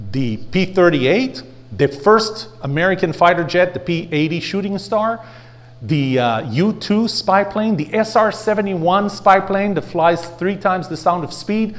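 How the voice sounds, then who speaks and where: A man giving a blunt, animated leadership lecture to a live audience, asking rhetorical questions and having the audience repeat phrases after him. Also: sits high.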